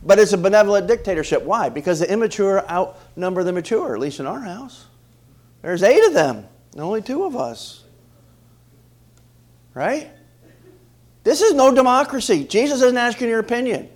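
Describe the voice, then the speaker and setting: Man preaching a sermon, middle-aged, fairly high voice, animated, questions to the congregation. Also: normal speed, pauses often. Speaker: pastor.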